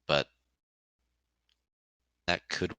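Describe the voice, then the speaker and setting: A man playing in an online tabletop game, measured and matter-of-fact in casual chat. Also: bright, forceful tone, no echo. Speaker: player. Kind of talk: casual role-play chat.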